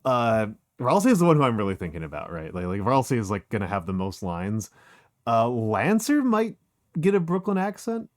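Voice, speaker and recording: A man's voice: mid-range voice, very animated, moderate pace. Rambling, self-deprecating man streaming a game. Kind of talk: casual gameplay chat.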